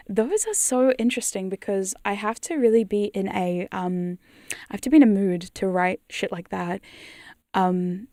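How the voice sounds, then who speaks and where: A woman's voice: mid-range voice, warm tone, no echo. Giggly woman streamer, dry sound. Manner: giggly, rambling, casual swearing. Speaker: ASMR streamer. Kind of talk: casual live-stream chat.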